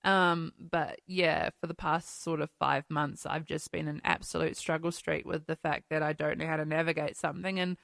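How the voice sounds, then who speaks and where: A woman's voice: low voice, level tone, moderate pace, vocal fry, hardly any pauses, a bit bright, dry recording, clean studio sound. Candid, emotional woman podcast host. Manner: candid and emotional, laughs often, swears casually. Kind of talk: casual solo podcast chat. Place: New Zealand home.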